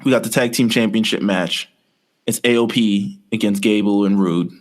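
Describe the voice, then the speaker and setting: A man with a fairly low voice talks through his ideas in a loose, rambling way. He slips into quick quoted lines and keeps the chat casual, like a podcast co-host walking a friend through his plan. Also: fairly even intonation. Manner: rambling, storytelling with quoted asides.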